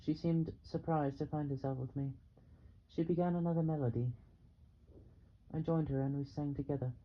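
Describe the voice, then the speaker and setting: A man narrating a novel in the first person, with a steady, measured delivery. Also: a little high, lo-fi sound, a little hiss or hum. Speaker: audiobook reader.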